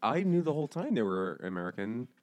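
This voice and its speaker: A man's voice: medium pitch, big pitch swings, fast, a little mellow, lo-fi sound. A man co-hosting a casual podcast, joking around and laughing often. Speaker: podcast co-host. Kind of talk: casual chat over beers.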